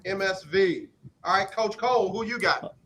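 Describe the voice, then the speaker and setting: A man hosting a casual radio sports talk show, brisk and upbeat, calling on guests by name for their picks. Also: high voice, a bit bright, low-quality recording.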